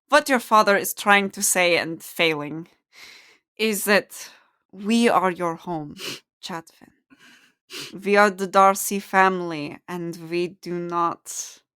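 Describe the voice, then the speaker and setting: A woman's voice: fairly low pitch, fairly even intonation, takes it slowly, fairly bright tone, smooth. A woman voicing a wise old grandfather who speaks firmly and measuredly, in a tabletop game.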